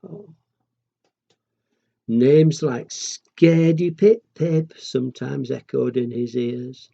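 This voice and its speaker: A man reading a children's picture book aloud in a gentle, chatty way and asking the listeners questions. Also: mid-range voice, takes it slowly, vocal fry. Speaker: storyteller. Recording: dull lo-fi recording.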